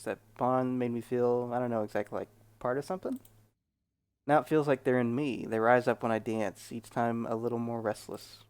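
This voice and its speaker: A man reads out a fiery, brooding female warrior dancer from a fantasy game. The delivery is plain and read aloud, at a middle pitch. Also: darkish tone, clear, resonant tone, natural voice.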